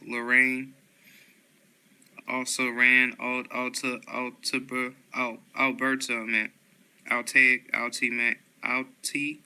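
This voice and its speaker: Guy reading dictionary words one after another, dead flat, bright crisp voice. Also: mid-range voice, rough recording. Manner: flat, steady word-by-word reading with small slips. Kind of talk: reading a word list aloud.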